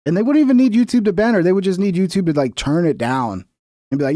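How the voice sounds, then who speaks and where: A man's voice: high voice, expressive, fast talker, warm tone, no echo. A man streaming reaction commentary in a sarcastic, profane, mocking rant.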